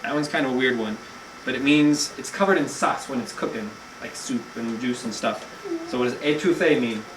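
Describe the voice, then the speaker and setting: A woman's voice: rumbling low, brisk, background noise. A young woman teacher reading a picture book aloud to a class of small children, stopping to quiz them on words. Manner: lively storyteller quizzing children on vocabulary. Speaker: teacher reading to first graders.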